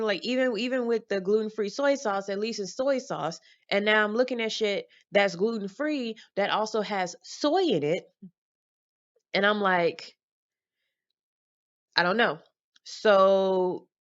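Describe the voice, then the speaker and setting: A woman's voice: lowish voice, highs cut off. A woman talking to her camera in a casual home vlog, rambling candidly with fillers, swearing and laughter. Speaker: vlogger. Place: home room lit by daylight. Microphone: camera mic.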